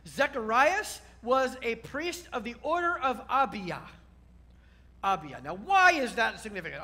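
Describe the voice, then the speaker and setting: Man, rabbi, sermon, step-by-step explaining, high pitch, bright tone. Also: big pitch swings, measured pace. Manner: teacherly, often checks in with listeners. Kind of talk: sermon teaching.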